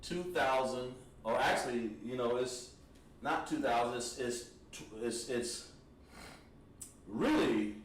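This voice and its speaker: A man's voice: mid-range voice, lively intonation. Man teaching a class from a distance. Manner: halting, thinks aloud while writing on a board. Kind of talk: classroom language lesson. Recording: echoey room, mic at a distance, faint noise.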